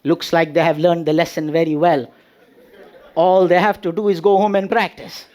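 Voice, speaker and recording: A man giving a humorous motivational speech with drawn-out delivery and pauses before punchlines. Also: on the high side, flat delivery, a little mellow, some chatter behind. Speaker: speech contest speaker.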